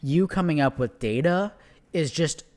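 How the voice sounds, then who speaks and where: A man's voice: on the high side, expressive, a little slow, a little mellow. A man co-hosting a podcast, speaking emphatically and joking around while giving opinions about relationships. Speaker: podcast co-host. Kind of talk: casual chat.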